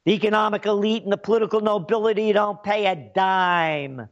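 A man's voice: high voice, fairly quick. A man giving an angry, sarcastic political rant, mocking and scornful as he talks. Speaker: political commentator. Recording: dull lo-fi recording.

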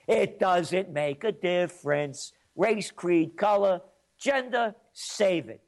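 A man's voice: sits high, animated, takes it slowly. Combative, sarcastic New man. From New York. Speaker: commentator and host. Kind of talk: ranting political monologue.

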